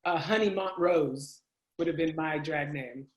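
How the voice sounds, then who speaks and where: A man interviewing a guest over a video call, animated and quick to laugh. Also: fairly high pitch. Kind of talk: casual video-call conversation. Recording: echoey room on a video call.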